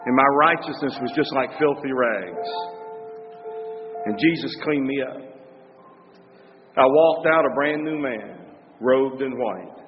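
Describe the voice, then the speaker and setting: A man's voice: medium pitch, slow, pauses often, big-room sound, muffled recording, soft background music. A man preaching a dramatic story sermon in a heartfelt, emphatic way, repeating phrases for effect.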